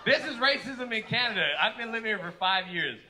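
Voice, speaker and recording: A man performing a stand-up comedy set, telling stories with lively acted-out quotes. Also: high voice, brisk, poor audio. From United States. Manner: animated storytelling with acted-out quotes. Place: comedy club stage with live audience. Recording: live club recording with audience noise.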